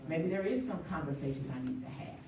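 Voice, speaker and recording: A woman counselor leads a church workshop on grief. Her somewhat low voice carries from a distance through a very echoey room with a faint hiss behind it. She talks in a lively way and keeps acting out short everyday quotes. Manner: lively, acts out quick everyday quotes, laughs often. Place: church hall.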